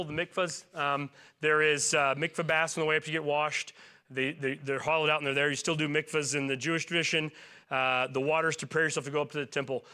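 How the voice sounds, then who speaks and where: A man in his forties preaches in a church with a bright, forward tone. He speaks casually and jokes along the way, and he keeps turning to the congregation with questions. His voice sits a little high for a man. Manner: conversational and joking, asks the congregation questions. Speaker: pastor. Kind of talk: sermon.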